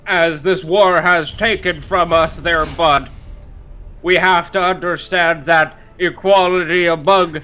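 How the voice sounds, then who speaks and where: A man's voice: a little high, bright, forceful tone, clean tone. A man hamming up a pompous Canadian moose mage. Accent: put-on Canadian. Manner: pompous speechifying with "bud" and "eh". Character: boastful moose-man syrup mage, male, Canadian-flavored.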